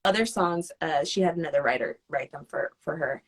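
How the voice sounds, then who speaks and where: A woman's voice: fairly quick, slightly rough. A young woman, a singer, chatting casually in an interview and acting out the people she quotes. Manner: animated, acts out quoted phone calls with high excited voices. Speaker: guest singer.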